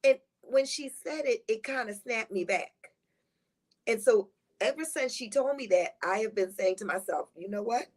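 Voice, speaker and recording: A middle-aged woman who is a guest on a talk show. She tells heartfelt, rambling personal stories in a lively, positive, high-energy way. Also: moderate pace. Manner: rambling, heartfelt storytelling with restarts. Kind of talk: casual conversational interview.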